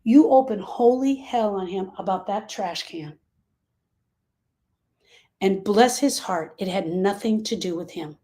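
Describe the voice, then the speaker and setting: A woman's voice: mid-range voice, measured pace, long pauses, mellow. A woman hosting a show on grief, who tells stories emphatically and conversationally and repeats phrases for weight. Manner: emphatic, repetitive, conversational storytelling. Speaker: podcast host. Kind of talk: heartfelt motivational talk on grief.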